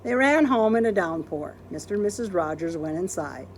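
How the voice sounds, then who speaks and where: A woman librarian reading a children's storybook aloud in a gentle, expressive storytelling manner. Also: lowish voice, moderate pace, a little hiss or hum.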